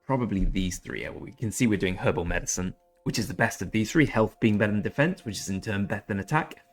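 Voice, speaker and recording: A man's voice: lowish voice, fast, faint music behind. A man hosting a gaming channel, giving chatty, self-deprecating commentary over his gameplay.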